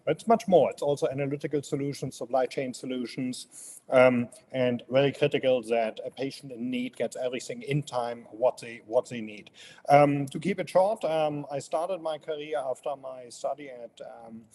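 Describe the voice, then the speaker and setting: A man in his fifties with a heavy German accent is a guest in a casual interview, friendly but hesitant and full of fillers. His voice is medium in pitch and somewhat dark, at a normal speed.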